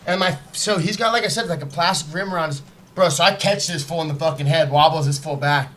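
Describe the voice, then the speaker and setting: A man telling a story in casual podcast chat, animated and profane, acting out what people said. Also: on the high side, quick pace, heavy background noise. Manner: animated, profane, acts out quotes. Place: podcast studio, live.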